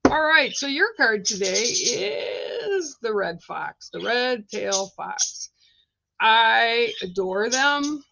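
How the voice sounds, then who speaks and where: Slow, unhurried woman reading cards. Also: on the high side, sing-song, vocal fry, bright, forceful tone, dry recording, highs cut off. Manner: unhurried, hesitant, with fillers and restarts. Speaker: card reader. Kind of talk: casual live card reading.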